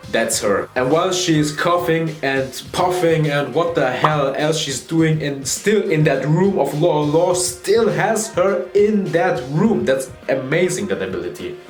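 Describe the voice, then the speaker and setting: A man giving an excited, casual review of a manga chapter, swearing freely and acting out the characters' lines. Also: a little high, roomy sound.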